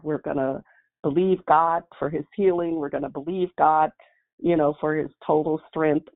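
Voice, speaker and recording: A woman's voice: sits low, fairly even intonation, moderate pace. A woman sharing a personal faith testimony, telling her story in an earnest, heartfelt way. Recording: tinny phone-like line.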